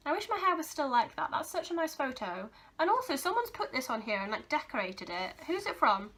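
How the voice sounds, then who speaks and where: Young woman vlogger, sentimental and gushy, voice all teary, high and bright. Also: sing-song, brisk, hardly any pauses. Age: young adult. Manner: gushing, giggly, sentimental. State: teary-eyed. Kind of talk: casual vlog chat.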